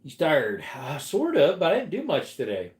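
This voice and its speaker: A man hosts a casual livestream from home, reading chat and answering viewer comments in a laid-back way. His voice is a little high, with huge pitch swings, at a normal speed, and the room sounds echoey.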